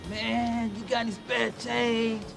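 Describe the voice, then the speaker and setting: A man's voice: extremely high pitch, monotone, takes it slowly, heavily acted. An actor playing a pushy man begging for spare change in a comedy clip. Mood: pleading. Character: pleading grown man beggar, pushy. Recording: comedy clip with clear music behind.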